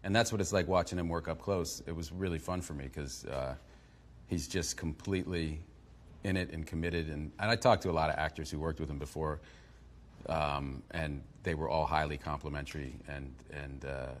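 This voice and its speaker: A man's voice: extremely low pitch, normal speed. A man in his forties, an actor guest in an interview, who talks with dry jokes and frequent stammered restarts. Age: 40s. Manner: joking, deadpan asides, stammers and restarts. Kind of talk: casual interview chat.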